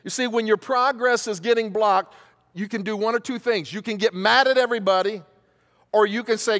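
A man with a high voice, steady tone, and fairly bright sound preaches briskly to his congregation. As their pastor, he uses call-and-response, asking questions for the crowd to answer and repeating key phrases for emphasis, with long hall reverb in the recording.

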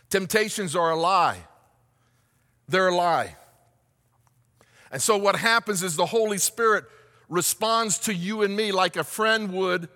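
A man preaching a sermon as pastor, asking the congregation questions and rising to shouts. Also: high voice, big-room sound.

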